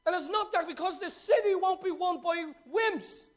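A man preaching a fervent, storytelling sermon that swings from loud to hushed. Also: very high-pitched, normal speed, few pauses.

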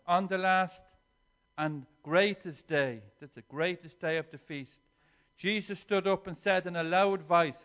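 A man preaching a sermon in an earnest way, swinging between quiet reflection and emphatic declarations, often repeating words as he goes. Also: high-pitched, clear, resonant tone.

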